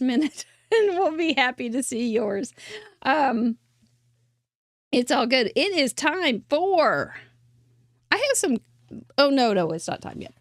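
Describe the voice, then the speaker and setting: Bubbly higher-voiced woman hosting a craft show. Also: no room sound, studio quality. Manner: chatty and enthusiastic, with frequent fillers and asides. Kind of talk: chatty live craft show commentary.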